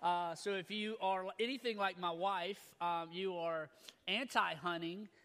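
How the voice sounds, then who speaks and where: Folksy pastor, higher-pitched man. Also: measured pace. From Louisiana. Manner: folksy, repetitive, energetic. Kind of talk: sermon.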